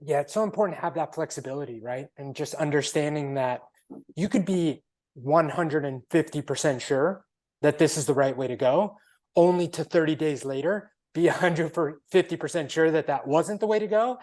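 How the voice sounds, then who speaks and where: A man's voice: a little high, normal speed, darkish tone. A man co-hosting a casual podcast chat, laid-back but emphatic, peppering his talk with "like" and "man". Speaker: podcast co-host.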